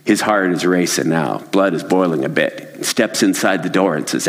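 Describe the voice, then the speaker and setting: A man with a low voice preaches, telling a story in an earnest, conversational way. His words carry a long reverb through a church hall. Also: moderate pace, few pauses. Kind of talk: sermon storytelling.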